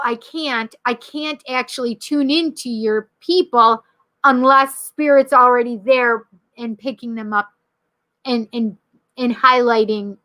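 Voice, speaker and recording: A woman in her thirties from the Rochester area, hosting a casual livestream as a psychic medium, chatty and quick to laugh, acting out the people she quotes. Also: sits high, sharp tone. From Rochester area, New York. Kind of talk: casual livestream chat, reading viewer comments.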